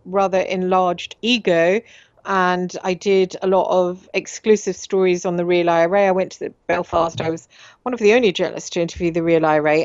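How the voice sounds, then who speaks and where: A woman's voice: lowish voice, no room sound. Rambling woman on a dull radio line. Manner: rambling, confiding, with many fillers and repeated words. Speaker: radio show host. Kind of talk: casual monologue.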